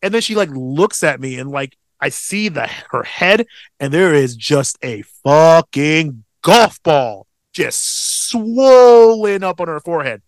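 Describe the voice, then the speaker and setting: In this casual podcast chat, a thirty-something male co-host with a slightly high voice takes his time recounting a family story. His storytelling is lively and full of swearing, and there's no room sound at all.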